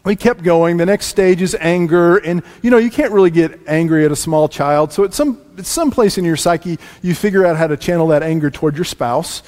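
A man preaching a sermon as pastor, telling a family story with lively shifts between loud lines and quiet asides. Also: on the high side, a little fast, few pauses. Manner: animated, swings from loud to hushed asides. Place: church sanctuary. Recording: long reverb in a large room.

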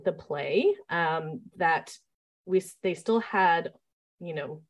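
A woman who leads staff at a summer camp, telling stories in a relaxed interview and talking with many fillers and restarts. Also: fairly low pitch, slow. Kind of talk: conversational interview storytelling.

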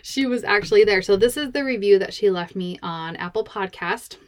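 A woman's voice: mid-range voice, normal speed. A woman hosting a podcast in casual chat, bubbly and laughing often, a little out of breath. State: slightly out of breath. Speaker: podcast host.

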